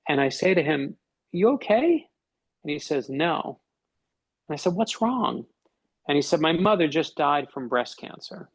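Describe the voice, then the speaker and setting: A man's voice: fairly high pitch, moderate pace, fairly bright tone, low-quality recording. A middle-aged man, a podcast guest and author, telling a personal story in conversation and acting out the dialogue.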